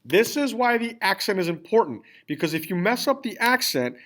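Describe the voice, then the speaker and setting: A Spanish teacher speaks in a high, sing-song, slightly bright voice at normal speed. During his classroom lesson with screen typing he explains grammar step by step, spells out endings, and checks in often, repeating "all right?"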